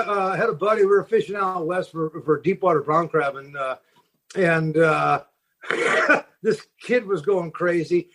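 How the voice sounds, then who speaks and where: High-voiced man telling sea stories. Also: a bit bright. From Seattle. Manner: rambling, with many fillers and restarts. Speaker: fishing boat captain, guest. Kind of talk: casual storytelling in a podcast interview.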